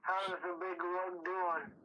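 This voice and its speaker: A woman's voice: fairly low pitch, flat delivery, slow, pushed and bright, lo-fi sound. A woman chatting casually, making dry, teasing remarks. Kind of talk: casual chat.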